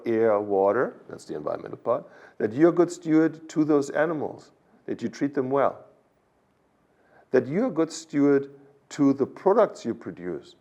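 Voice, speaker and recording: A mellow, medium-pitched male voice with a German accent belongs to an animal science expert guesting on a podcast. He lays out the topic in a lecturing manner, punctuated by checks of "okay?".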